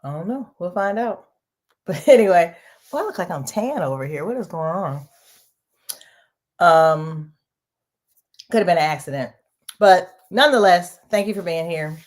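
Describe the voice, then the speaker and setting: A woman with a slightly low voice hosts a casual livestream from a small home studio. She chats loosely and warmly with the viewers, talking directly to them. Her delivery stays relaxed and conversational. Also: normal speed, pauses often. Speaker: host.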